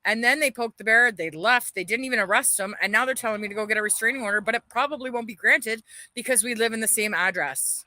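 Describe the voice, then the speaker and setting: A woman's voice: a little high, fast talker, pushed and bright, dry recording. A woman ranting bitterly on a livestream, swearing heavily and airing her grievances. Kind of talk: angry livestream rant.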